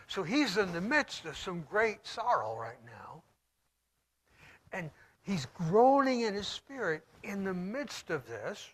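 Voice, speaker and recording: A man delivers a sermon, reading scripture in a slow, solemn way while swinging from loud declaiming to hushed near-whispers. His voice sits on the higher side and is expressive.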